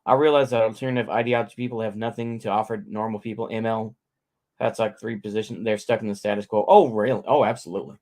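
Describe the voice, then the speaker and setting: A man's voice: fairly low pitch, fairly even intonation, fast talker, darkish tone. A middle-aged man from North Texas, hosting a casual livestream and ranting in a rambling, profane way that keeps circling back to the same points. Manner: profane, rambling, repeats himself. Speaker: livestream host.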